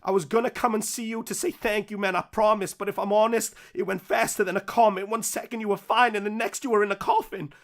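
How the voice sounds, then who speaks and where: A man's voice: sits high, fairly even intonation, fast, hardly any pauses, voice pushed up. A man rapping a cappella in a put-on American accent, rhythmic and earnest, recorded on a USB microphone. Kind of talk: a cappella rap.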